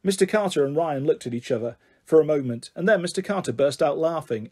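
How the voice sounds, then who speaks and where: A man narrating a children's storybook aloud with an expressive delivery. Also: a little high, quick pace, hardly any pauses, husky. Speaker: audiobook reader.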